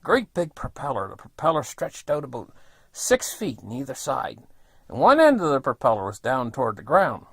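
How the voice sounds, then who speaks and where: A man's voice: medium pitch, wildly swooping pitch, moderate pace, slightly rough, no room sound, studio quality. A man in his fifties telling a long childhood story in a rambling, folksy way, with many fillers. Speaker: vlogger. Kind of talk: casual storytelling.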